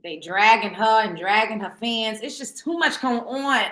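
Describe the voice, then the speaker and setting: A woman's voice: on the high side, animated, normal speed, fairly bright tone, reverberant. A woman hosting a celebrity gossip show in casual chat, blunt and profane, often tripping over repeated words.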